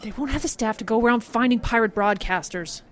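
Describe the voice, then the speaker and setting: An actress playing a flustered young radio writer in a comedic radio drama, who stammers and dodges questions. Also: female voice, fairly high pitch, fairly quick, fairly bright tone, natural voice. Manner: dodging questions, stammering when cornered.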